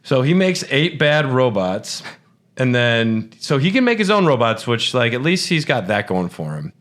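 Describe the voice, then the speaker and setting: A man's voice: medium pitch, big pitch swings, normal speed, fairly bright tone. A man in an easygoing podcast chat with a voice in the middle range. He rambles and stops to restart his thoughts, with many uhs along the way. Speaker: podcast co-host. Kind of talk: casual chat.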